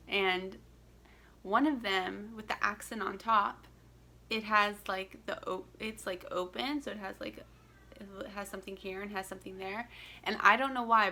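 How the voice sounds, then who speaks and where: A young vlogger from Central Florida chats casually to her camera at home in Florida, rambling with plenty of fillers and restarts. Her mid-range voice sounds pushed and bright.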